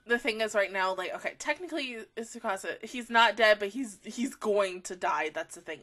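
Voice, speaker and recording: A woman hosting an anime reaction video, talking expressively and swinging between laughing, near-crying and shouting. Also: mid-range voice. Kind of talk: emotional anime reaction commentary.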